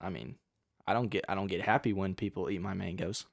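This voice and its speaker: A man's voice: low voice, steady tone, brisk, creaky, no room sound, studio quality. A young man co-hosting a casual podcast, teasing his friend and laughing as he talks. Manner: jokey, teasing, laughs while talking. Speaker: podcast co-host. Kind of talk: casual chat.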